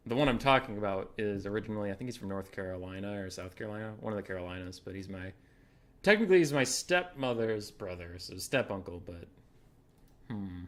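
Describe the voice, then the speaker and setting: A man's voice: lowish voice, expressive, fairly bright tone. Young man joking in casual co-cast chat. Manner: joking, laughs often, quick asides. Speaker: co-caster. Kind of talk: casual chat while casting a game tourney.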